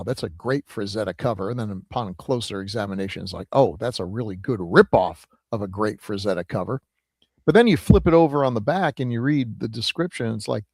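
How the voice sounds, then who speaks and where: Gravelly, wry middle-aged man. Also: lowish voice, no echo. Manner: wry, rambling humor. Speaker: podcast co-host. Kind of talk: casual movie review chat.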